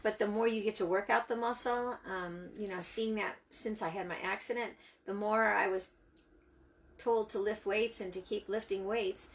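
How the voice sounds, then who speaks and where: A woman's voice: medium pitch, fairly even intonation, moderate pace. A woman co-host in a casual faith discussion who thoughtfully connects faith to her own experience. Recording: distant mic with faint background noise.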